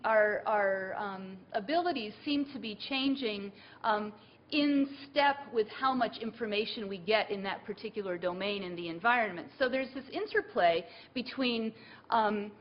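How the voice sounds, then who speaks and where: A woman's voice: fairly high pitch, dull audio. A woman giving a university lecture, thinking aloud with many fillers and restarts.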